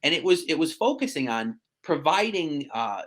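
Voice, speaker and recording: A man, a real estate agent chatting as a podcast guest, animated and self-deprecating with quick asides. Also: a little high. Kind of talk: casual podcast conversation.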